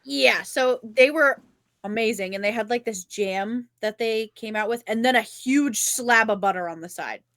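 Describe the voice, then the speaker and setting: Bright-voiced chatty New woman. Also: a little high, normal speed, no echo. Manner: rambling animated storyteller, swears freely. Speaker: podcast co-host. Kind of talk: casual chat.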